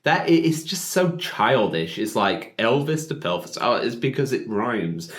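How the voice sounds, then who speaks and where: A man reacting casually to an old interview, rambling and animated, often saying like and man. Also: medium pitch, unhurried, echoey room. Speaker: reaction video host.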